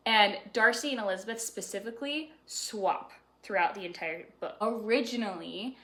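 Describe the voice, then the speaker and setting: A woman in her twenties giving a chatty, sassy, animated book review vlog. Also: medium pitch, moderate pace.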